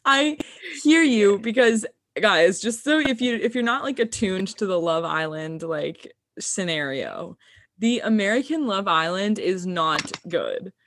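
A woman's voice: mid-range voice, lively intonation, unhurried, fairly bright tone, no room sound. A young woman chatting on a podcast in a mid-range voice, giggling often and leaning on "like" as she talks. The recording is dry and close, with no room sound. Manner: giggly, lots of "like" fillers. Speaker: podcast co-host. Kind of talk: casual chat.

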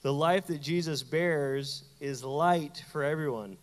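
A middle-aged man, a pastor, giving a lively, conversational sermon with playful asides to his congregation. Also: a little high, unhurried, in a large hall. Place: church sanctuary.

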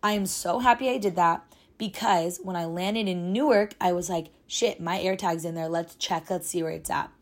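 A woman's voice: fairly low pitch, moderate pace. A woman in her twenties, a podcast host, telling a travel story in a chatty, dramatic way with lots of "like". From United States. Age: 20s. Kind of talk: casual storytime monologue.

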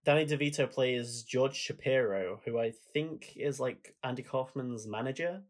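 A man's voice: medium pitch, moderate pace. Chatty young man gushing about films. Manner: enthusiastic, retells scenes with laughs. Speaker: podcast co-host. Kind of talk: casual film chat.

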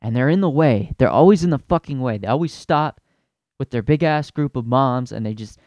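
A young man hosting a comedy podcast who rants in a profane, exasperated way, breaking into loud bursts. His mid-pitched voice is smooth and clear. The sound is dry and close, with no room around it. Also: lively intonation, a little fast, no room sound, lo-fi sound. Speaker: podcast host.

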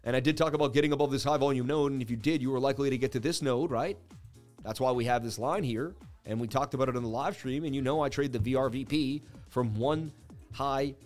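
A man's voice: mid-range voice, fast talker, darkish tone, soft background music. A man in his thirties hosting a crypto trading livestream, rambling through charts in casual chat and laughing at his own jokes.

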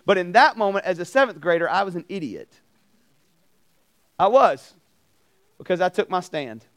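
A man preaching at a campus ministry, telling a story with animated acted-out voices and questions to his listeners. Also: high voice, normal speed. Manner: animated, acts out voices in anecdotes, asks the crowd questions. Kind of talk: storytelling sermon. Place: campus ministry meeting room.

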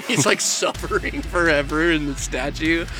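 A man's voice: fairly high pitch, a little slow. A young man co-hosting a casual chat, joking sarcastically and laughing often. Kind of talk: casual chat reacting to music. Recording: music playing behind.

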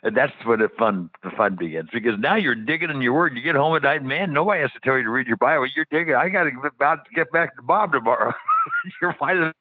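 A man's voice: mid-range voice, expressive, fast talker, husky, no room sound. A man speaking as a guest on a radio interview, telling faith stories in a passionate, eager way and often restarting his sentences. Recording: dry, tinny phone-like radio sound.

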